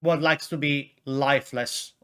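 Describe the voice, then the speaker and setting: Male dungeon master, bright and forceful tone, halting delivery full of fillers. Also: medium pitch, fairly even intonation, smooth. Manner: hesitant, full of fillers, rules-focused. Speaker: game master. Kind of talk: running a tabletop game.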